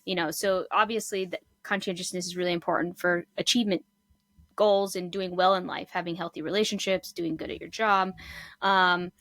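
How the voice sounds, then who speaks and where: A woman co-hosting a podcast, explaining psychology concepts calmly with frequent ums and short agreeing replies. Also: on the low side, a little fast, no echo. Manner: calm and explanatory, many ums and short backchannels. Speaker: psychologist co-host. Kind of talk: explaining psychology in casual chat.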